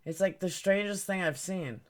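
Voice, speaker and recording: Puzzled and fiddling with her stream settings, a woman rambles about them during a casual livestream while welcoming viewers by name. Her voice is on the low side, at a moderate pace.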